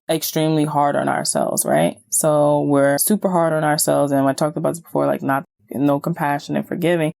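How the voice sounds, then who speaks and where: Low gravelly-voiced woman host. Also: no room sound, studio quality. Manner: animated, acts out quoted voices, many "like"s. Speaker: podcast host and certified hypnotist. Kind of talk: casual self-help talk.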